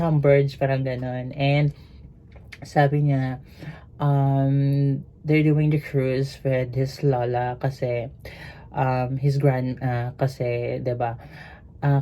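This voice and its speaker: Speaking with a Filipino accent, this cruise ship worker from the Philippines rambles through a story in a mellow, medium-pitched voice, switching between Tagalog and English and filling the gaps with plenty of fillers. Faint hiss runs under the dull, lo-fi audio.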